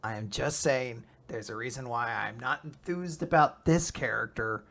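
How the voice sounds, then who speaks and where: Mid-pitched man bantering on a podcast. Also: vocal fry, fairly bright tone. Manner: teasing, reacts with quick exclamations. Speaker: podcast co-host. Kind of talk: casual chat.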